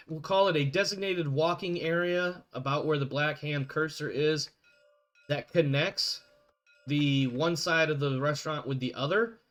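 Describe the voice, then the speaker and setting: A man serving as game master for an online tabletop game, his voice sitting a little higher than most men's. He talks in a loose, rambling way, stopping to correct himself as he goes. He is heard over a voice call. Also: a bit bright.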